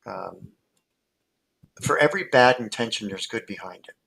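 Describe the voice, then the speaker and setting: A man's voice: fairly low pitch, animated, moderate pace, vocal fry, fairly bright tone, slightly rough, rough recording. A man, a hypnotist guest, explaining his methods in casual talk with many fillers and restarts, heard over a video call.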